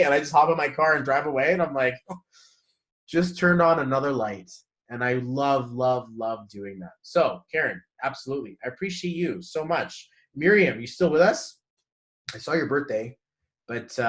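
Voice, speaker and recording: An upbeat man chats live with his viewers as a numerology reader, greeting people by name as they arrive. His pitch sits at an ordinary middle height for a man. He talks in spiritual, motivational phrases, with casual asides. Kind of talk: live-stream chat with viewers, giving readings.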